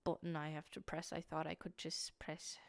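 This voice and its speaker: A sleepy young woman rambles through a late-night livestream in British-tinged English, stopping and restarting her sentences. Her voice is smooth and clear. The sound is dry and close, with no room echo. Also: low voice, little pitch movement, normal speed. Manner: rambling, restarts, many fillers. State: sleepy, tired. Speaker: streamer.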